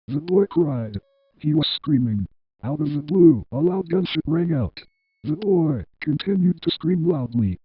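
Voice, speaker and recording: A synthetic text-to-speech man's voice reading a horror story in a flat, evenly paced way. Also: fairly high pitch, measured pace, husky, dry recording, lo-fi sound. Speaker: narrator. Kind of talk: scripted horror story narration.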